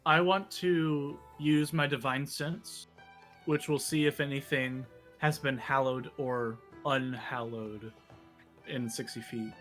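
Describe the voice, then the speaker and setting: A man's voice: medium pitch, fairly even intonation, slow, fairly bright tone, soft background music. A man playing a tabletop game, casual and hesitant. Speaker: player.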